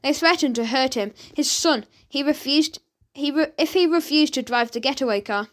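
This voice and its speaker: A woman's voice: sits high, normal speed, lightly acted. A woman voicing a polite, earnest boy.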